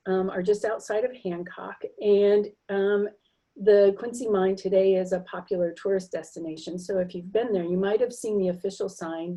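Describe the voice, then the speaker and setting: Mellow, husky-voiced woman lecturing on linguistics. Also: mid-range voice, rough recording. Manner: explanatory, demonstrates sounds aloud, frequent fillers. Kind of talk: recorded library lecture with slides.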